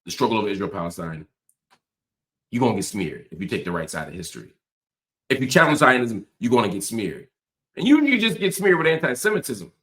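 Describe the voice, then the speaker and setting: A man's voice: fairly low pitch, big pitch swings, a little fast, fairly bright tone. A man hosting a political commentary monologue, talking in emphatic, impassioned punches. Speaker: host.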